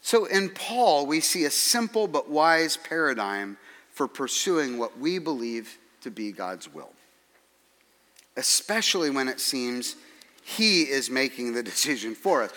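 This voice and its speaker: Man, pastor, earnest measured sermon, dry humor, slightly high voice. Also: very animated, sharp tone, long reverb tail.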